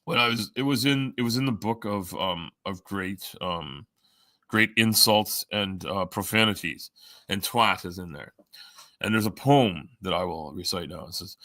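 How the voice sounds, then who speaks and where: A man's voice: sits low, a little slow, bright, forceful tone, no echo, studio quality. A Canadian man hosting a live stream, chatting casually with viewers in a rambling, joking, profane way. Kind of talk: casual chat reading viewer comments.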